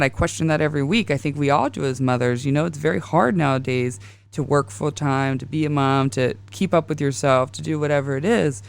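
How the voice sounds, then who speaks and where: A woman's voice: low voice, a little fast, gravelly, smooth. A woman in her thirties hosting a casual astrology podcast, rambling and confessional as she tells stories. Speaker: podcast host.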